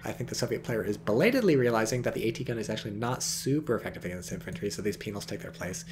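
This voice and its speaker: A man's voice: lowish voice, expressive, rapid-fire, slight background noise. A man giving casual, rambling commentary on a strategy game, joking and swearing as he goes. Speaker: game caster.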